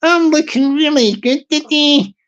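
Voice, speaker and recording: A man's voice: extremely high pitch, unhurried, fairly bright tone, muffled recording, voice pushed up. A man putting on a Glaswegian accent to voice a vain woman admiring herself in a mirror. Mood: preening. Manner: self-admiring, sing-song.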